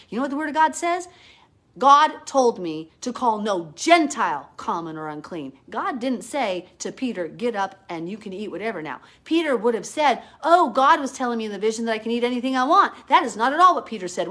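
A woman's voice: on the high side, big pitch swings, fairly quick, fairly bright tone. Fervent woman teaching the Bible live. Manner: fervent, emphatic, argumentative. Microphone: phone or webcam, live stream.

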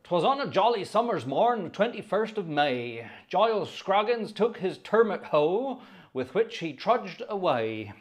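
A man voicing a cheerful rustic farmhand in a put-on Wiltshire accent, reciting in a slow, sing-song drawl. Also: sits high, sing-song, voice pushed up. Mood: cheery drawl. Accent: put-on Wiltshire rural. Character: rustic male West Country turnip farmhand, cheerful.

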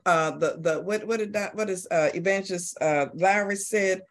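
Lively storytelling woman teacher. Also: medium pitch, normal speed. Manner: lively storyteller, repeats words, laughs often. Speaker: Sunday school teacher.

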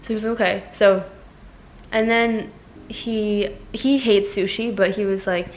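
A young woman chatting casually to camera as a vlogger. She is excitable, says "like" a lot and swears casually. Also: medium pitch, a little slow, slight background noise. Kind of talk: casual vlog chat to camera. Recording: roomy echo with faint music behind.

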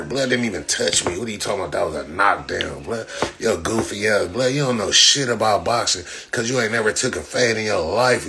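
After a fight, a boxer livestreams a casual rant of profane trash talk packed with repeated slang fillers. His voice is lowish with vocal fry, over a noisy background.

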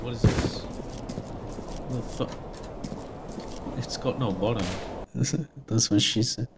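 A gameplay host giving casual commentary, excitable, laughing often, swearing and yelping when startled. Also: mid-range voice, takes it slowly, noisy background. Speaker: gaming video host. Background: background music.

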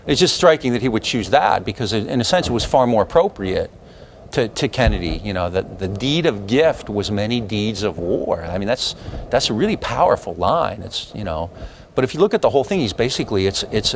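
A man's voice: mid-range voice, slight background noise. A man lecturing a history class in a loose, digressive way, full of fillers and asides.

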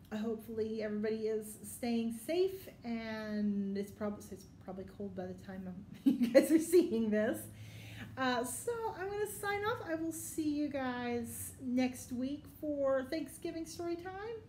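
A young woman librarian reading a picture book to children, animated and coaxing them to join in. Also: on the high side, slight background noise. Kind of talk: children's story time reading. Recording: echoey room.

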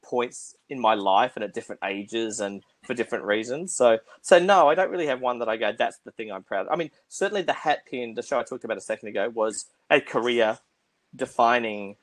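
A middle-aged Australian man speaking in a conversational interview over a video call. He talks fast and keeps restarting his phrases. His voice sounds dry, with no room around it. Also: medium pitch, no room sound. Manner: fast-talking with frequent restarts. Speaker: theatre producer.

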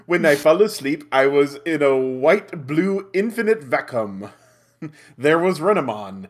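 A man's voice: fairly high pitch, lively intonation, measured pace. A man reading a clumsy fan story aloud for laughs, stumbling over the wording and cracking up. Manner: stumbles over awkward phrasing, breaks into laughter. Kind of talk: comedic dramatic reading.

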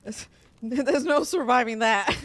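A young woman streamer chatting casually while playing a game online, giggly and playful, quick to apologize. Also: on the high side, slight background noise. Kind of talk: casual gaming stream chat.

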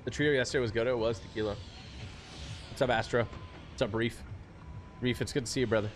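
A man live-streaming a game, chatting in slang, reacting loudly and thanking viewers for donations. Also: medium pitch, fairly quick, faint music behind. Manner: loud hype outbursts, slangy and excitable, reads donations aloud. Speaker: gaming streamer. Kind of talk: live-stream chat while gaming.

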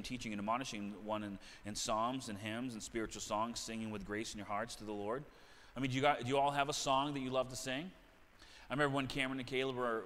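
A man's voice: mid-range voice, a bit bright, big-room sound, a little hiss or hum. A middle-aged man preaching a sermon as pastor, talking in a conversational way that repeats and restarts phrases. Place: church sanctuary.

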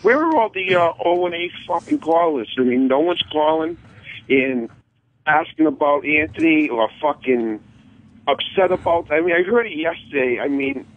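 A man's voice: a little high, animated, normal speed, no room sound. Profane male caller on a tinny phone line. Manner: heated, profane, confrontational. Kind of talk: angry call-in rant.

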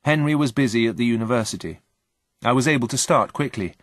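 Guy reading a story slowly, mid voice, dry close mic. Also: mid-range voice, expressive, no echo. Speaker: reader. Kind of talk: scripted story narration.

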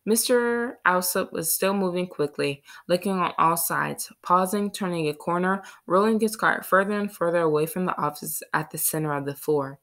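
A woman narrating a children's novel in a steady storytelling read. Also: on the low side, moderate pace, few pauses. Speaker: audiobook reader. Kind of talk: scripted narration.

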